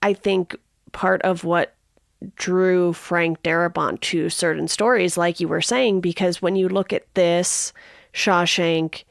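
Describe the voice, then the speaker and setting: A woman's voice: on the low side, fairly even intonation, slow pace, gravelly, no room sound, studio quality. A woman co-hosting a podcast, talking steadily and thoughtfully in a casual film discussion. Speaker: podcast co-host.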